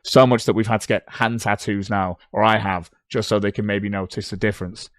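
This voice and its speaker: A man's voice: lowish voice, fairly even intonation, fairly quick, no room sound, studio quality. A British man on a livestream, talking back at posts he reads aloud in a sarcastic, sweary way. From Britain. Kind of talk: casual livestream commentary.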